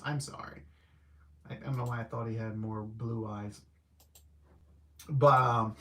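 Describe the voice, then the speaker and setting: Male host, casual film-review chat, meandering, self-correcting delivery, average pitch. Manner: rambling, self-correcting, thinking aloud. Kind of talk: casual livestream movie review.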